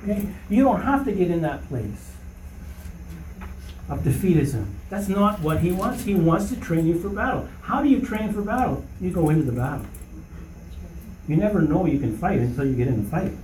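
A high-voiced man teaches scripture to a small group, emphatic and often asking "okay?". His tone is mellow and relaxed. He sounds set back from the mic in a roomy space with faint ambience. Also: moderate pace, recorded from a distance, slight background noise. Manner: emphatic, rising to preaching fervor, often asks "okay?". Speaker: Bible study leader. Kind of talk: informal Bible teaching.

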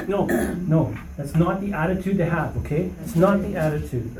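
A high-voiced man teaches scripture to a small group, emphatic and often asking "okay?". His tone is mellow and relaxed. He sounds set back from the mic in a roomy space with faint ambience. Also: normal speed, recorded from a distance, slight background noise. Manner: emphatic, rising to preaching fervor, often asks "okay?". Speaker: Bible study leader. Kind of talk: informal Bible teaching.

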